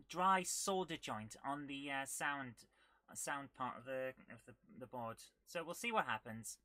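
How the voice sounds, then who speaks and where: A woman hosting a casual retro gaming live stream, chatting with viewers and reacting excitedly while she plays. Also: extremely low pitch, unhurried, no room sound. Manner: chatty, reads viewer comments aloud, bursts of excitement while playing.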